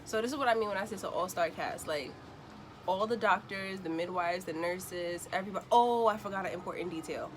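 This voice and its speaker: A woman's voice: on the low side, fairly quick, a little hiss or hum. A young woman telling a casual storytime vlog, acting out the people she quotes. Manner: animated, acts out quotes in other voices. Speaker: vlogger.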